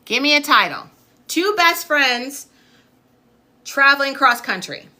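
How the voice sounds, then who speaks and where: A woman's voice: high-pitched, expressive, slow, sharp tone. A woman teaching a TV production class on a livestream, chatty and upbeat as she reads out viewers' comments. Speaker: TV production instructor. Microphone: phone or webcam on livestream.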